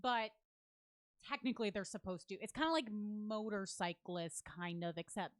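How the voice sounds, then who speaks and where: A woman hosting a casual comedy chat, telling stories with animated acted-out quotes. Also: mid-range voice, normal speed, no echo, studio quality. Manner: animated storyteller, acts out quotes. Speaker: comedy show host.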